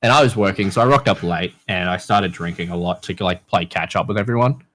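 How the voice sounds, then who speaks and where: A man's voice: low voice, fairly quick. A young man in his twenties with an Australian accent, a podcast guest telling stories in casual chat, swearing freely and acting out the people in them. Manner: animated, swears a lot, acts out people in stories.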